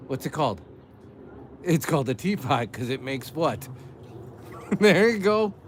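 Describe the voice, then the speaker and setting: A man's voice: medium pitch, lively intonation, slow pace, slight background noise. A man hosting a casual live chat by a backyard fire at night, joking and laughing as he talks to viewers. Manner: joking, laughs often, reads chat aloud. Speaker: livestream host, father.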